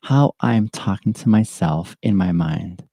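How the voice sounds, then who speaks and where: A man's voice: low-pitched, measured pace, warm tone, breathy edge, dry recording. A middle-aged man hosting a reflective solo podcast, speaking earnestly and thoughtfully, often repeating his phrases. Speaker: podcast host. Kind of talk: reflective solo podcast talk with live chat.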